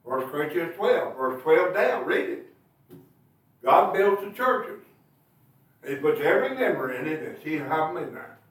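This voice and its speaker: High-pitched lively preacher man, echoey. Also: unhurried, long pauses. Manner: rhetorical tag questions, emphatic bursts. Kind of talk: sermon. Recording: echoey room, mic at a distance.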